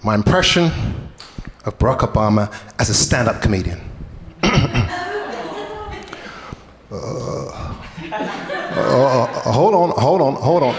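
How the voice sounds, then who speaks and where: A man's voice: medium pitch, slow pace, long pauses. A man with a British accent doing a playful stand-up comedy set to a crowd in a comedy club. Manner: animated, playful delivery to a crowd. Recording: echoey club hall with crowd noise.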